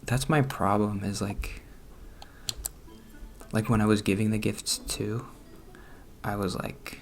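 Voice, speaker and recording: Low, gravelly young man rambling nervously. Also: fairly even intonation, unhurried, long pauses, slight background noise. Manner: rambling, self-conscious, laughs nervously. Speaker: gaming vlogger. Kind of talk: casual chat over gameplay. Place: room at home.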